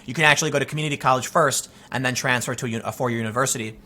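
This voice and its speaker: A man in his thirties giving a casual opinion monologue as a commentary host, animated and telling stories with quoted asides. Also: medium pitch, very fast.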